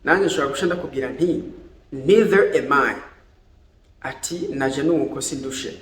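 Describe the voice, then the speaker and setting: A man's voice: mid-range voice, fairly bright tone. Burundian man teaching English pronunciation. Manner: slow, deliberate word-by-word pronunciation drills, switching languages. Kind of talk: pronunciation lesson. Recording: echoey room.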